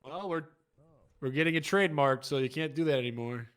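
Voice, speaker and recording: A man's voice: a little high, fairly quick, fairly bright tone, smooth. A man in a game roleplay, playful and joking.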